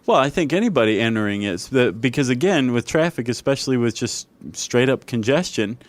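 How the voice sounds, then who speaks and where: A man's voice: mid-range voice, lively intonation, brisk. A man co-hosting a casual podcast chat, explaining ideas with dry sarcasm. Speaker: podcast co-host.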